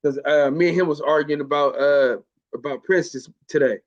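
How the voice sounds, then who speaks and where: A man's voice: on the high side, normal speed. A man hosting a live stream in casual chat, loose and profane, repeating himself often. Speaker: host. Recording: muffled lo-fi stream audio.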